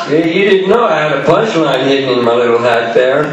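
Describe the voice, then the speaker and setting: A man doing a profane, rambling stand-up set at a comedy club, swinging his pitch and volume abruptly. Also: huge pitch swings, moderate pace, dull audio, crowd noise. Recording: echoey club from far off.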